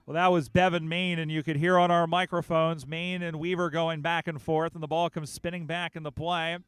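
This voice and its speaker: A man calling a live game as play-by-play commentator, building excitement in quick bursts on the big plays. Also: on the high side, clear, resonant tone, dry recording. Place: outdoor sports field broadcast.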